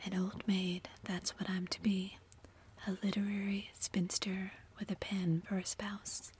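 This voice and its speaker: A woman's voice: mid-range voice, flat delivery, unhurried, a little mellow, slight background noise, close to an everyday voice. Jo, a woman whispering as a spirited young writer. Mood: wistful. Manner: whispered, exclaiming. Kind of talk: whispered role-play.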